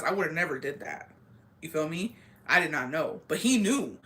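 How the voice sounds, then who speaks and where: A young woman tells a story from her school days in loose, casual chat. Her voice is bright and forceful, and she swears freely and drifts from point to point. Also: deep voice, big pitch swings, fairly quick. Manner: profane, rambling and blunt. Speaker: streamer.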